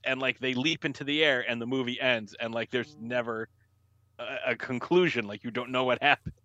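Young guy podcasting about a kung fu flick, bright voice, dry close mic, mimics characters for laughs. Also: mid-range voice, fairly quick, no echo, lo-fi sound. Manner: animated, acts out scenes in mocking voices. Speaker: podcast co-host. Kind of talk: casual movie review chat.

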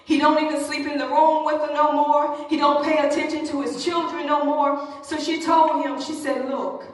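A woman preacher with a high voice tells a story to the congregation in an animated way. She is heard from far off in a big hall with long, ringing reverb. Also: normal speed. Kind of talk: sermon storytelling.

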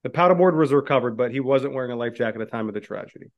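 A man co-hosting a podcast, reading news items aloud and chatting, with frequent "uh" pauses. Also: mid-range voice, lo-fi sound. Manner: drawling, many "uh" pauses. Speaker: podcast co-host. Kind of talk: casual political chat, reading news aloud.

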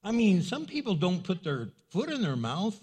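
A male pastor preaching a sermon in a church, animated and joking, repeating his points for emphasis. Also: high voice, moderate pace, slightly rough.

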